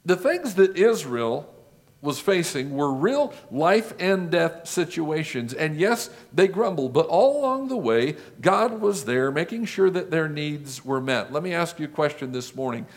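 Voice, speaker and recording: A man's voice: on the high side, very animated. A male pastor preaching a sermon, building his points with lists and rhetorical questions. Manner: rhetorical questions, measured listing.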